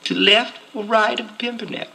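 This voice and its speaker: A man's voice: high voice, fairly even intonation, a little fast, gravelly, sharp tone, exaggerated voice, poor audio. An actor playing a pompous, affected spymaster obsessed with his own Britishness, in a comedy sketch. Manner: pompous, affected upper-class.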